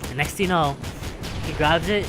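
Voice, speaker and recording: A man's voice: fairly high pitch, moderate pace. Young male storyteller, rambling and filler-heavy, with music playing behind him. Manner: rambling, full of "like" and "right?". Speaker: vlogger. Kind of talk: casual storytelling.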